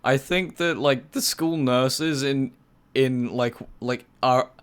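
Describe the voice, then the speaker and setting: A man's voice: mid-range voice, slow, clear, resonant tone. A teenage man, cutting in with teasing, sweary remarks in casual podcast chat. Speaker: podcast co-host.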